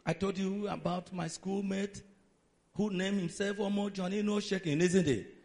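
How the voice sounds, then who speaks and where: A man's voice: high voice, fairly even intonation, normal speed, vocal fry, darkish tone. A man preaching a sermon in a dramatic, emphatic way.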